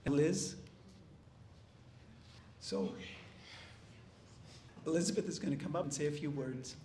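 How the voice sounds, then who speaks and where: Eulogy reader: a gentle man with a fairly high voice, reflective and halting, in an echoey hall. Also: slight background noise. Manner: gentle, reflective, with small slips. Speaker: family member giving a eulogy. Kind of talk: memorial speech and poem reading.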